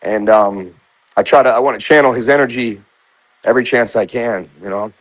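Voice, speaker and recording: A man's voice: medium pitch, normal speed, no room sound, low-quality recording. A man in his forties from New York, a guest telling personal stories in a rambling way, full of filler words. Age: 40s. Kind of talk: casual conversation.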